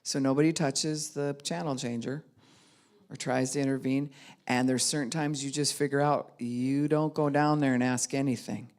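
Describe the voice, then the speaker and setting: A woman's voice: a bass voice, steady tone, moderate pace, darkish tone. A middle-aged woman pastor giving a conversational teaching talk, speaking candidly and frankly and acting out the voices of people she quotes.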